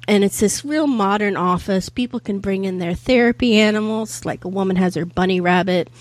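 A woman's voice: medium pitch, brisk, no room sound. A woman chatting as a podcast guest, laughing often as she retells a favorite episode. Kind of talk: casual chat.

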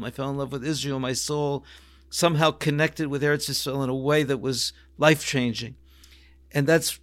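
Older guy rabbi, slightly high voice, reflective storytelling, keeps restarting his sentences. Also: a bit bright. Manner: reflective, restarts sentences and quotes Hebrew phrases. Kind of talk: personal storytelling in a podcast interview.

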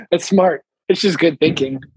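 A man's voice: fairly high pitch, normal speed, darkish tone, breathy edge, dry recording. A man co-hosting a podcast over a video call, joking and laughing often as he chats. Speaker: podcast co-host. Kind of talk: casual chat.

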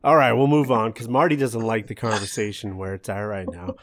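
A man's voice: on the low side, fairly even intonation, brisk. Teasing man on a casual podcast. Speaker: podcast co-host.

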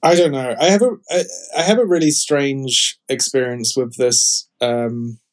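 A man talking casually on a podcast, rambling along with lots of fillers and restarts. His voice sits at an ordinary middle pitch for a man. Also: a little slow. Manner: chatty, rambling, frequent fillers. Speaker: podcast co-host. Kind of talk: casual chat.

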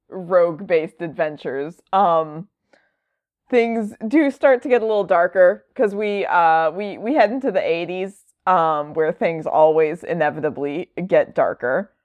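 A woman's voice: on the low side, no echo, dull audio. A woman chatting casually, rambling with lots of fillers and wry asides. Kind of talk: casual chat.

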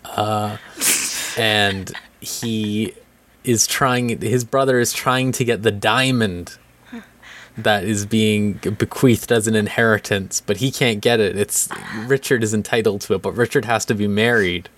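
A man's voice: on the low side, steady tone, measured pace, a bit bright. A man in casual chat, animatedly retelling a show's plot and acting out the characters' lines. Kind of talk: casual chat recapping a show.

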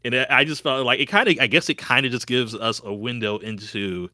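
A man's voice: mid-range voice, a little fast, sharp tone, no room sound, studio quality. A man co-hosting a podcast in casual chat, joking and laughing at his own quips. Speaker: podcast co-host.

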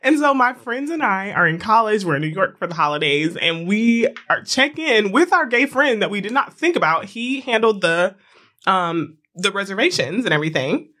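A young woman co-hosting a casual podcast, telling stories with animated energy and frequent laughter. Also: mid-range voice, moderate pace. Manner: animated storyteller, laughs often. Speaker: podcast co-host. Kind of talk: casual chat.

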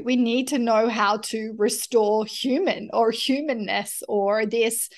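A woman interviewing a guest, thinking aloud with hesitant, searching phrasing. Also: fairly high pitch. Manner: searching, hesitant, laughs easily. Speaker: interviewer, host. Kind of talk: conversational interview.

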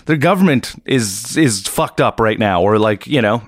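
A Canadian man hosting a podcast, chatting casually and swearing, his pitch jumping up when he jokes. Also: lively intonation, normal speed, no echo, clean studio sound. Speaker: podcast host. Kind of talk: casual chat.

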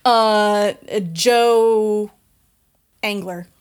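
A woman running a tabletop game as game master, narrating with frequent laughs and halting fillers. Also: medium pitch, steady tone, clean tone.

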